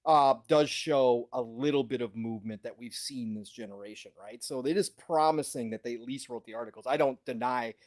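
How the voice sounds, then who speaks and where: A man's voice: medium pitch, brisk, few pauses. A man hosting a casual gaming podcast, making reasoned points and often checking for agreement. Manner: reasoned, seeks agreement with 'right?'. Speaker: podcast host.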